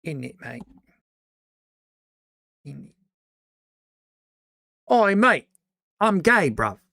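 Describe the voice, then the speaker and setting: A man putting on a mock British bloke, gravelly. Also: on the high side, very animated, drawn-out words, dry recording, studio quality, pitched above the performer's own voice, heavily acted. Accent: put-on British. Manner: exaggerated slang, clipped shouted bits. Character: cheeky young British bloke, mocking and playful.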